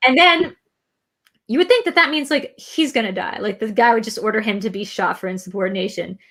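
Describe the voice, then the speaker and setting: A woman's voice: medium pitch, brisk, fairly bright tone. A woman co-hosting a movie discussion show, rambling in a casual, profane way with lots of filler words. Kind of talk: casual film discussion chat.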